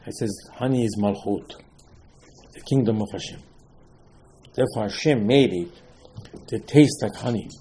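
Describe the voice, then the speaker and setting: A man teaching a Torah lecture in halting English, repeating phrases for emphasis. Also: lowish voice, warm tone, a little hiss or hum.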